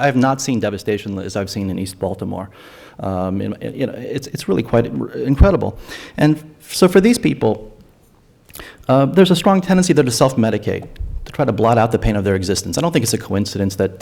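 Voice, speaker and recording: A man's fairly low, gravelly, darkish voice carries through a lecture hall as he gives an earnest, argumentative forum talk on drug policy. He tends to restart his phrases, repeating words as he goes.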